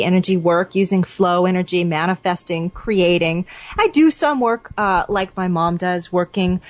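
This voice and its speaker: A woman's voice: lowish voice, no echo. A woman who is a guest on a radio show, chatting playfully and laughing easily. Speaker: guest, energy-work teacher. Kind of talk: casual radio chat.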